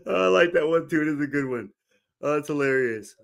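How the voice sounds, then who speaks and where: A man's voice: fairly high pitch, normal speed, vocal fry. A man from Texas hosting a casual livestream, upbeat and repeating calls to tap the screen. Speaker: livestream host.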